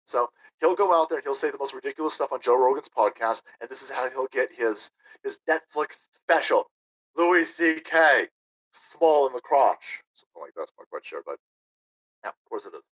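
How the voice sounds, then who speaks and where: A man's voice: mid-range voice, lively intonation, fairly quick, breathy edge. A man in his thirties hosting a livestream, ranting sarcastically and combatively and reading viewer chat aloud. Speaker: political livestream host. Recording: dull lo-fi stream audio.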